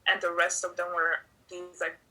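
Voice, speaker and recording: A woman's voice: lowish voice, monotone, moderate pace, sharp tone, low-quality recording. A female student answering a teacher's question in class by explaining plainly.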